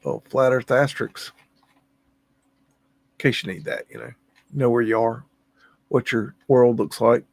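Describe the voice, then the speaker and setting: Man, livestream host, casual musing commentary, gravelly voice, mid pitch. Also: a little slow, pauses often, darkish tone, dry recording. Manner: musing, humming to himself, easily amazed.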